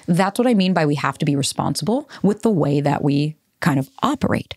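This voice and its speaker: A woman's voice: low-pitched, expressive, a little fast, few pauses, a little mellow, no echo, studio quality. A woman, hosting a solo podcast and talking candidly, with frequent swearing and rambling asides. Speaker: podcast host.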